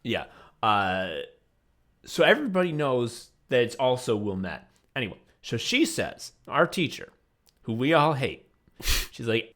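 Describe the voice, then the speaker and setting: A man's voice: mid-range voice, sing-song, measured pace, bright, forceful tone. A young man from the Chicago suburbs telling a profane, sardonic story as a podcast co-host. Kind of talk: casual chat, storytelling.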